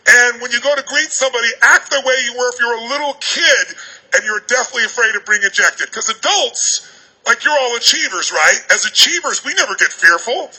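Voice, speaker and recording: A man's voice: very high voice, expressive, pushed and bright, breathy edge, rough recording. A man giving a seminar talk to a large arena crowd, firing commanding questions at them over a stage microphone. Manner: commanding, rapid-fire questions. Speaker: motivational speaker.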